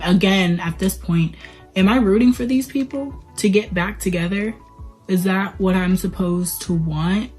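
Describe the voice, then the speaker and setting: Animated, sarcastic woman reviewing a movie. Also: medium pitch. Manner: animated, sarcastic retelling with swearing. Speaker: movie reviewer, channel host. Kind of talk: casual movie commentary.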